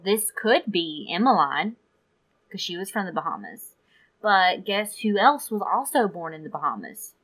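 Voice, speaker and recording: A woman's voice: fairly low pitch, sharp tone, poor audio. A woman co-hosting a podcast, retelling a story from her research in casual chat with asides. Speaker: podcast co-host.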